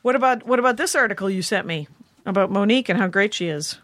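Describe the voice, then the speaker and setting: A woman's voice: medium pitch, expressive, quick pace, fairly bright tone, dry recording. A woman hosting a podcast, talking in a chatty, joking way and laughing often. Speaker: podcast host. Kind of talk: casual chat.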